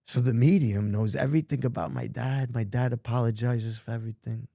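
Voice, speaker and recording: New guy, gravelly and husky, swearing a lot, telling a story on a podcast. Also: medium pitch, fairly even intonation, brisk, mellow, no room sound, studio quality. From New York. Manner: profane, street-talking, emphatic. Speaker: podcast guest. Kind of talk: candid storytelling.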